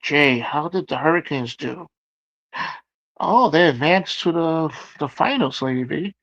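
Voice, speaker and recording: A man's voice: a little high, unhurried, vocal fry, a bit bright, no room sound. Man on a dull lo-fi livestream. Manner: exclamatory, reacting aloud to chat. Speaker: livestream host. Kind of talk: casual chat reading viewer comments.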